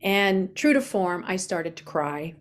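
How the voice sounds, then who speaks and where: A woman's voice: fairly low pitch, expressive, slow. A woman in her forties, a guest on an interview show, telling her personal story openly with many fillers. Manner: open, earnest, with frequent fillers.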